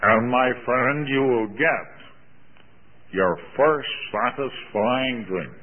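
Older male radio preacher, husky, slow and deliberate, emphatic sermon delivery. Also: mid-range voice. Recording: old phone-like radio broadcast with long reverb.

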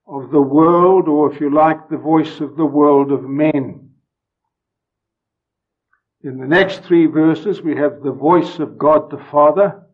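A man delivers a solemn sermon in an unhurried, deliberate way, leaning hard on key words and then dropping almost to a hush. His voice is husky and sits a little high. The recording sounds dull and lo-fi. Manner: solemn, emphatic, swings from loud to hushed. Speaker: preacher.

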